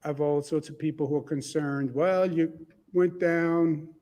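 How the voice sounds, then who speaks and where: A man speaking in a measured, formal way at a press conference. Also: on the high side, fairly even intonation, mellow. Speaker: governor giving a press conference.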